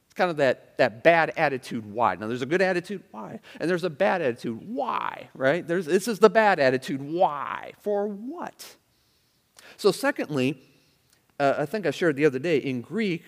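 A man preaching a sermon with expressive emphasis, acting out the attitudes he quotes and adding chatty asides to his listeners. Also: medium pitch, big-room sound. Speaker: pastor.

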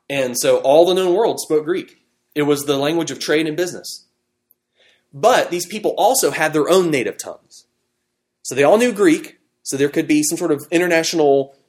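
Brief: male Bible study teacher, slightly high voice, chatty and animated, guides a class through fill-in notes. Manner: conversational and animated, with fillers and restarts.

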